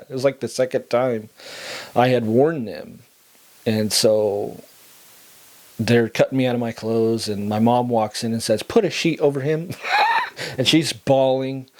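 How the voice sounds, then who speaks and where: A young adult man telling a personal story in a casual way. He laughs between lines and turns low and quiet in the somber parts.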